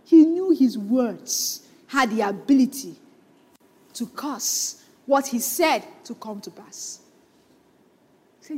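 A woman's voice: a little high, lively intonation, takes it slowly, long pauses, a little mellow, breathy edge, big-room sound. A woman preacher teaching a sermon from the Bible, retelling the story animatedly and laughing often.

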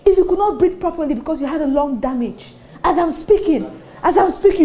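A Nigerian woman pastor preaching a sermon, animated and often laughing between her points. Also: high-pitched, brisk, few pauses. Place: church service with congregation responding.

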